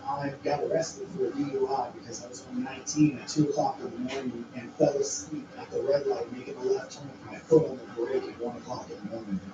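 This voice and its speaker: A man's voice: mid-range voice, dull audio. A man telling a story from his past in casual conversation, rambling and frank, restarting often and swearing freely. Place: home studio room. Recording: very echoey room, far from the mic, noisy background.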